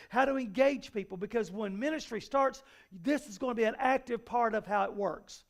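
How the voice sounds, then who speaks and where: A man's voice: extremely high pitch, normal speed, few pauses. A male pastor giving a conversational sermon, folksy and full of everyday analogies, often restarting his sentences. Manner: frequent repeated restarts. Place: church sanctuary.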